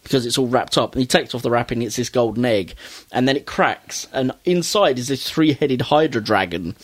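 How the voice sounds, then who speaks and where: A man's voice: medium pitch, brisk. A man casually recapping a cartoon episode, acting out the characters' lines as he goes. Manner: animated storytelling, acting out characters' lines with raised voice. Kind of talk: casual chat.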